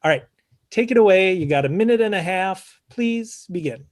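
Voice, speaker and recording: A man's voice: high voice, expressive, normal speed. A man hosting an improv comedy show, upbeat and laughing often.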